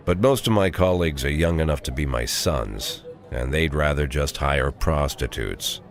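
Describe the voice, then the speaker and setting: Pitched extremely low and exaggerated, a man's voice brings to life an aging police chief of sixty. Sardonic and dry, this gruff, cynical, world-weary figure narrates the game as an inner monologue.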